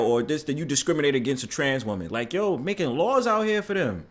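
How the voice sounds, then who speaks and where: Excitable man. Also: on the high side, brisk, few pauses. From New York. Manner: excitable storyteller, swearing freely. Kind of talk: casual panel chat.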